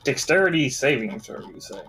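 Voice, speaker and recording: A man playing in a tabletop game, relaxed and joking. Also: medium pitch, fairly quick, faint music behind. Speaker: player. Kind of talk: casual tabletop play.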